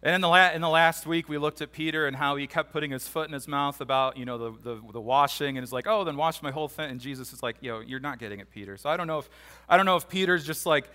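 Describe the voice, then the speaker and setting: A man delivers a relaxed, conversational Bible teaching. His voice sits a little high and sounds bright and forward. He acts out the disciples' voices as he retells the passage. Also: fast talker. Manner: casual, animated storytelling that acts out the disciples' voices, with repeated restarts. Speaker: pastor.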